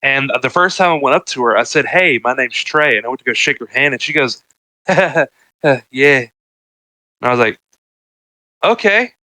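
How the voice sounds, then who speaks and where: A man's voice: medium pitch, normal speed, bright, forceful tone, no echo, rough recording. A young man telling a story in casual podcast chat, laid-back and rambling with lots of filler words. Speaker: podcast co-host.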